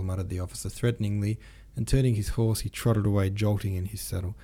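A man narrating an audiobook of a classic novel in a steady, plain reading. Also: fairly low pitch, fairly quick, hardly any pauses.

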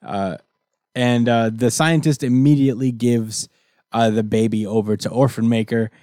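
A man's voice: medium pitch, moderate pace, smooth, no room sound, clean studio sound. A man co-hosting a casual podcast, animatedly recapping a comic book and acting out the characters' lines. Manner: animated storyteller who acts out characters' lines. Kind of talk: casual chat.

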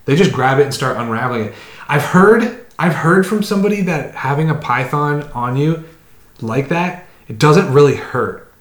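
A man's voice: a little high, expressive, normal speed. A man telling a long, rambling story in casual chat as a podcast co-host, slipping into quoted voices now and then. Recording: roomy echo.

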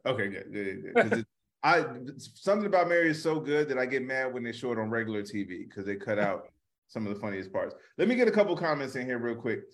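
A man co-hosting a casual comedy podcast, talking in an animated, profane way and reading out viewer comments. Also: mid-range voice, fast. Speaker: comedian co-host. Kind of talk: casual live-streamed podcast banter.

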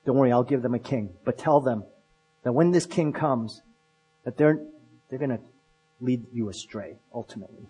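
A preacher quoting God with a lower, hushed and solemn delivery. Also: male voice, normal speed, long pauses, slightly rough, faint music behind, close to an everyday voice, low-quality recording. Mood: grave. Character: stern weary God speaking, male, grave.

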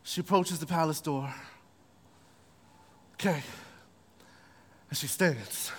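A man's voice: on the high side, slow, breathy edge. A man preaching a sermon, telling the story playfully and animatedly with slang. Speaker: pastor. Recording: long hall reverb.

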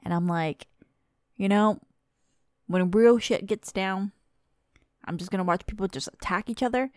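A woman's voice: medium pitch, measured pace, pauses often, a little mellow, dry recording. Exasperated woman ranting, dry close sound. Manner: exasperated, profane, emphatic. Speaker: podcast host. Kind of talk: casual rant.

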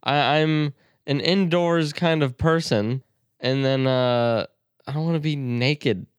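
A man's voice: on the high side, slow pace, clear, resonant tone, dry recording, clean studio sound. A man, co-hosting a podcast in crude, joking casual banter. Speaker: podcast co-host. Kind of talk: casual chat.

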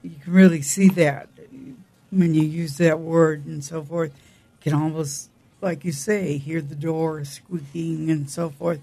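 Gravelly, mellow-voiced agreeable man. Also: fairly high pitch, fairly even intonation, unhurried. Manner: agreeable, supportive, chiming in. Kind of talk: casual chat about books.

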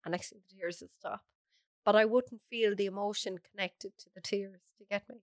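An Irish woman with a hoarse, bunged-up voice, talking openly and bluntly as an interview guest. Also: mid-range voice, fairly even intonation, brisk, dry recording, studio quality. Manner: frank, chatty, laughs often. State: hoarse from a cold. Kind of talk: casual interview chat.

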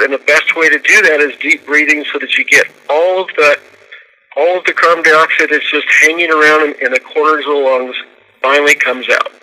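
A man co-hosting a radio talk show, explaining a breathing routine step by step and counting out loud. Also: a little high, rough recording.

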